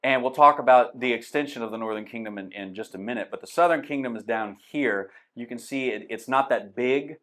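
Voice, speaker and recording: A man's voice: medium pitch, a little fast, few pauses, a bit bright. Casual male Bible class teacher, conversational and unscripted, pointing things out on a map. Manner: conversational, explains with a map, many fillers. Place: church classroom.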